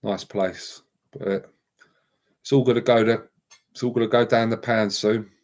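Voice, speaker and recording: A man's voice: fairly low pitch, steady tone, measured pace, a little mellow. A man hosting a live stream and ranting heatedly, with repeated emphatic outbursts and words said over and over. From England.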